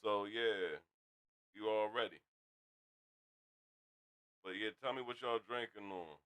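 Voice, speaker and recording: A man hosting a casual livestream, loud and hyped, swearing freely as he chats to viewers from a home streaming setup. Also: lowish voice, slow pace. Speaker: stream host.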